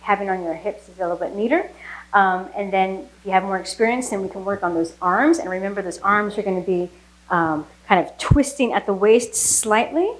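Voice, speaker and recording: A woman's voice: medium pitch, low-quality recording. A woman teaching a flamenco footwork lesson, explaining technique with fillers and then counting the beats aloud. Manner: relaxed explaining, slow with fillers. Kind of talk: dance lesson instruction.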